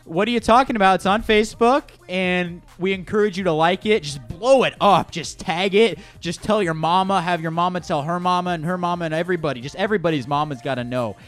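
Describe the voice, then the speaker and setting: A man's voice: fairly quick, hardly any pauses, faint music behind. Joking young man co-hosting college radio. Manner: joking, animated, trails off low. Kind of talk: casual radio banter.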